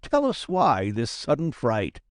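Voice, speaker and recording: A man's voice: mid-range voice, wildly swooping pitch, unhurried, no room sound, clean studio sound. Guy doing a mocking raccoon, sing-songy, ups and downs. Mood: taunting. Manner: sing-song taunting. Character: teasing male raccoon, playful and mocking.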